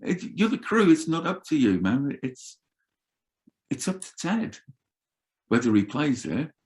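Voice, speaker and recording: An older man telling roadie stories in an animated, swearing way as an interview guest. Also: on the high side, measured pace. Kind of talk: casual storytelling.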